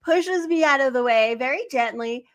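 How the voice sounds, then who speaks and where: A woman's voice: high-pitched, normal speed. A woman hosting a devotional livestream from home in a casual, enthusiastic, rambling way, reading out and answering viewers. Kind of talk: casual live-stream chat.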